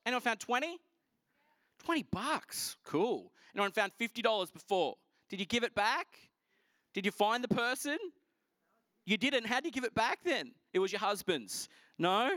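Australian male pastor, high voice, playful and animated, dry recording. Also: no room sound. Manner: animated, joking, quizzes the congregation. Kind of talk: sermon.

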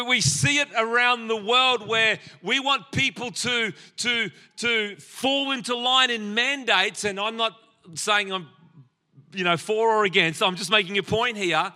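A man's voice: extremely high pitch, pushed and bright. An Australian man in his sixties preaching a sermon, telling personal stories with humor and speaking directly to the congregation. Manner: storytelling with humor, addressing the congregation.

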